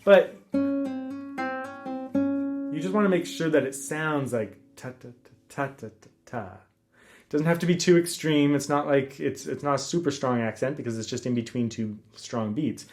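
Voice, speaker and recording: A man teaching a guitar lesson in a relaxed, casual way, counting rhythms aloud with frequent ums. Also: fairly high pitch, normal speed. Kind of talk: casual instructional talk.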